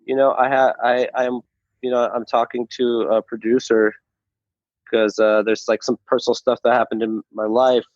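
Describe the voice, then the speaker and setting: A male stand-up comic talks loosely about his life, stumbling through restarts and dropping curse words as he goes. His voice sits at an ordinary pitch. The sound is dry and slightly muffled, like a lo-fi recording. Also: flat delivery, normal speed, no room sound. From Saudi Arabia then the U.S. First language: Arabic. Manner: stammering, restarts, swears freely, laughs often. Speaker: stand-up comedian, guest. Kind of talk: casual interview chat. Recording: dull, lo-fi sound.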